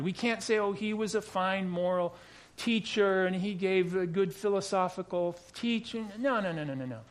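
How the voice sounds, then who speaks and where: A man preaching a sermon, emphatic and repetitive, asking rhetorical questions and sometimes restarting his words. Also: sits high. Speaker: pastor.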